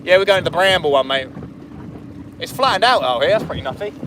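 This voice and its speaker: A man's voice: high voice, animated, fast talker. A young man, chatting casually with viewers while out fishing on a small inflatable boat. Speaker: fishing vlogger. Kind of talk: casual live-stream chat. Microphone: camera on the boat. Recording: wind and boat engine noise.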